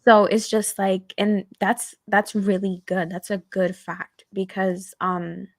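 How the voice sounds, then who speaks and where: A woman's voice: medium pitch, level tone, slow pace, dry recording, clean studio sound. Filler-heavy woman chatting on a podcast. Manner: rambling, filler-heavy, emphatic. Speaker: podcast co-host. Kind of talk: casual chat.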